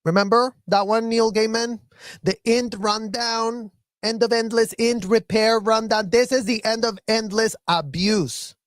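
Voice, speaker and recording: A man's voice: high voice, fairly even intonation, unhurried, dry recording, clean studio sound. A man giving heated, profane commentary, ranting in repetitive bursts about his upbringing. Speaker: commentator and former child member of the group. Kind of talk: angry commentary rant.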